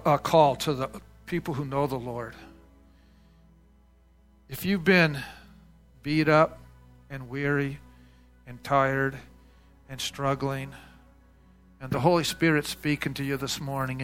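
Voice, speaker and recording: A man's voice: fairly high pitch, a bit bright. A man leading a congregation in an earnest, repetitive closing prayer and altar call as their pastor. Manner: earnest, repetitive prayer with many "Lord Jesus" endings. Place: church sanctuary.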